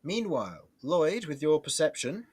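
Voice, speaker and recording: A man narrating a tabletop game as game master, lively and laughing often. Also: a little high, moderate pace, husky, no echo. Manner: lively, laughs often while describing scenes.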